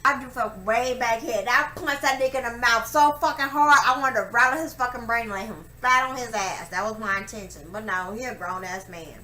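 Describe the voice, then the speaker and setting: A woman's voice: a little high, fairly quick, hardly any pauses. Profane, emphatic woman storyteller. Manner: profane, emphatic, acts out quotes loudly. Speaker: vlogger telling a personal story. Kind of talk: candid storytelling monologue. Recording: echoey room with faint ambient noise.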